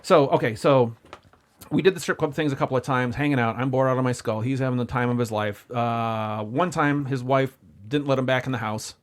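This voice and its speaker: A man on a podcast telling stories about his time as a limo driver, animated and swearing freely, acting out the people he quotes. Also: mid-range voice, fairly quick. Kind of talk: casual storytelling chat.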